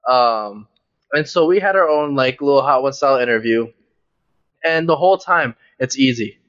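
A young man telling a story in casual chat, rambling and full of fillers, on a podcast. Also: mid-range voice. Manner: rambling, animated retelling with many fillers. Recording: dull lo-fi audio.

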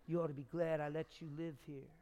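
A middle-aged man preaching a testimony sermon, swinging from loud shouted stretches to hushed, near-whispered ones. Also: on the high side, flat delivery, fast talker.

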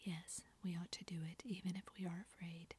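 Whispered role-play, shy timid girl, voiced by a woman, breathy, low. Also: little pitch movement, normal speed, a little mellow. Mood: resolute.

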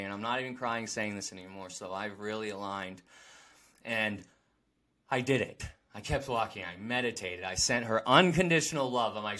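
A man talking openly and excitably in a heartfelt casual conversation. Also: fairly low pitch, moderate pace. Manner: excitable and animated.

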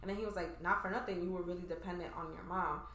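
A woman's voice: fairly low pitch, fairly even intonation, quick pace, a bit bright, roomy sound. A young woman guest chatting casually on a podcast, full of "like" and "you know" as she tells her story. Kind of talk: casual chat.

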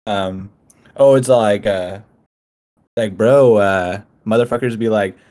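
A young man co-hosting a casual podcast, telling animated, profane stories among friends. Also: on the low side, slow pace. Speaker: podcast co-host. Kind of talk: casual chat.

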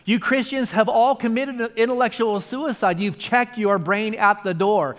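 A man's voice: sits high, moderate pace, few pauses, a bit bright. A male pastor preaching a sermon in a conversational way, driving points home with emphatic repetition.

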